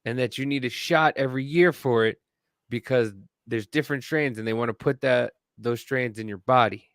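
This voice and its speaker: A man co-hosting a casual podcast, profane and animated, jumping into a high yell when worked up. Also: normal speed, clean tone, dry recording, clean studio sound. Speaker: podcast co-host.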